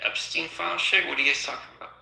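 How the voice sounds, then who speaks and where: A man's voice: on the high side, rapid-fire, vocal fry, pushed and bright, roomy sound, poor audio. A man in a casual online chat, teasing and joking. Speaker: participant in an online audio room.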